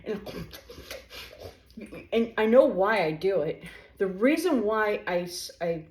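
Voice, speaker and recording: A woman casually telling funny stories as a vlogger in her home kitchen, animated and chatty, talking while she eats. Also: mid-range voice, slow. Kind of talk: casual storytelling. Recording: echoey room.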